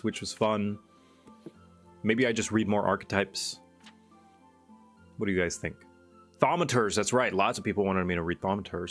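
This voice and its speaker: A man streaming and chatting casually, explaining things in a rambling way with fillers. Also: lowish voice. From Thailand. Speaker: streamer host. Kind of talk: casual chat.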